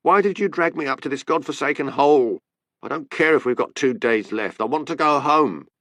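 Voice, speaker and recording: A man voicing a scrawny middle-aged English wife with a shrill, yelling manner and an English accent. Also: animated, brisk, dry recording. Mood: furious.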